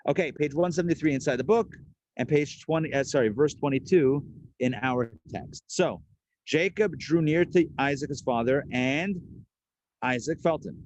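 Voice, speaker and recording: Chatty man teaching a lively class. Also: medium pitch, moderate pace, dull audio. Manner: lively and chatty, acting out the quoted characters. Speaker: rabbi teaching a Torah class. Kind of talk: live conversational Torah class.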